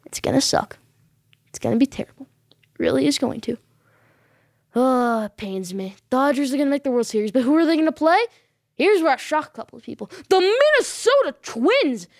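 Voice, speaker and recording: A woman's voice: sits high, brisk, long pauses, a little mellow, dry recording, studio quality. A woman hosting a sports vlog, giving her predictions in an emphatic, insistent way and backing them up with short repeated affirmations.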